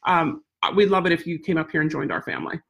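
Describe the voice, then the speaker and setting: A woman's voice: low voice, sing-song, quick pace, vocal fry, full character voice. A woman voicing a kindly father who apologizes politely. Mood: apologetic. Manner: gentle, apologetic.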